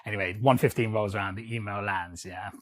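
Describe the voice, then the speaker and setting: A man's voice: on the low side, brisk. A man, co-hosting a podcast and telling office stories in casual chat, laughing and swearing freely. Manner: animated storyteller, laughs often, swears casually. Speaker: podcast co-host.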